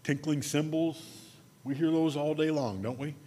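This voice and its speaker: A man preaching a sermon, telling a personal story in a conversational way and slowing down to stress key words. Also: a little high, steady tone, dark tone, in a large hall. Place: church sanctuary.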